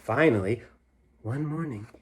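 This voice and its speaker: A man's voice: medium pitch, measured pace, husky. A man reading a picture book aloud to children, with chatty asides and questions to the listener. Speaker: storybook reader.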